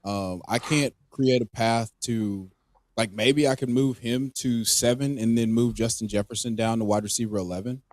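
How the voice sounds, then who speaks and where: A man co-hosting a live podcast stream, talking fantasy football in a casual, animated way, ranting and swearing freely. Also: mid-range voice, normal speed. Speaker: podcast co-host.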